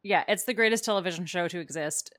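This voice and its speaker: A woman co-hosting a podcast, chatting casually and animatedly about TV shows with quick asides. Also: lowish voice, a bit bright, dry recording, studio quality. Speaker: podcast co-host.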